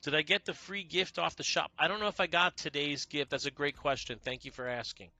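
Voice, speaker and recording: A man's voice: on the high side, fairly quick, sharp tone, dry recording. A man streaming a video game, chatting casually and greeting viewers by name. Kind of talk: casual livestream chat while playing.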